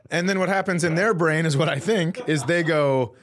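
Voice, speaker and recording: A man's voice: a little high, animated, a little fast, fairly bright tone. A man hosting a podcast, telling a comic story in a profane, indignant way. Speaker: podcast host. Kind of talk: comedic storytelling chat.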